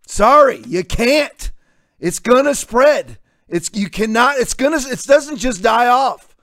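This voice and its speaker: A man's voice: very high voice, lively intonation, takes it slowly, fairly bright tone, no echo, clean studio sound. A man in his fifties hosting a talk show, delivering combative, sarcastic commentary. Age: 50s. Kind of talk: opinionated commentary.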